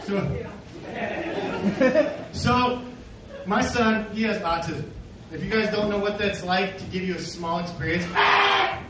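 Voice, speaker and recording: Stand-up comic, male, high voice, rambling and self-mocking, recorded from far off in a noisy room. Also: big pitch swings. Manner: rambling, self-deprecating, swearing, with quick asides. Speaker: stand-up comedian. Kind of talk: stand-up comedy set. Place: comedy club stage. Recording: echoey club, heard from afar, noisy. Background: audience laughter.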